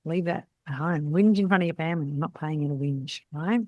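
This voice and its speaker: Middle-aged aussie woman talking salon team stuff, fairly low voice, dry close sound, blunt and chatty. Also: fairly quick, dry recording, phone-quality sound. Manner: chatty, blunt, tags sentences with "right?". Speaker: salon business mentor. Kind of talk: casual coaching talk.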